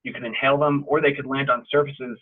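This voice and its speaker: A young man talks through a virtual presentation in an easygoing, explanatory way, often pausing on "um" and "uh". His voice sits at an ordinary middle pitch. The call audio is thin and phone-like. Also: husky. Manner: relaxed, explanatory, frequent "um" and "uh". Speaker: sports medicine presenter. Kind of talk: virtual safety talk. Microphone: video call.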